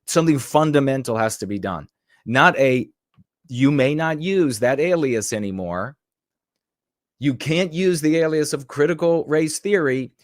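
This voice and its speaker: A man's voice: mid-range voice, no echo, clean studio sound. A man hosting a podcast in a casual, rambling and sarcastic commentary style. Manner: rambling and sarcastic, mimics people mockingly. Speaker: podcast host.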